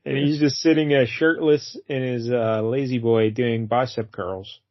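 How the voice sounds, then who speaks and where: A man's voice: medium pitch, steady tone, measured pace, dry recording, muffled recording. A man co-hosting a casual comic book review show, laid-back and laughing often as he recaps the story. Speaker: podcast co-host.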